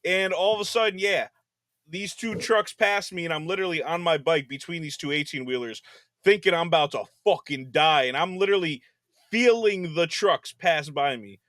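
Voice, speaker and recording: A young man co-hosting a casual podcast, telling stories in an animated, profane way and loudly acting out quotes. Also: a little high, normal speed, dry recording, studio quality. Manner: animated, profane storytelling with loud acted quotes. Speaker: podcast co-host. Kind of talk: casual chat.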